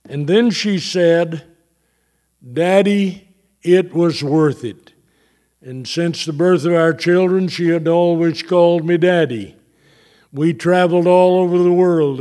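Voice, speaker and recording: An older man delivers a sermon at an unhurried, deliberate pace. His voice sits a little high for a man, and he pauses and restarts as he reads from his notes, then builds into fervent preaching. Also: a little mellow. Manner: slow, halting, reading from notes; rises into fervent preaching on scripture. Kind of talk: sermon testimony.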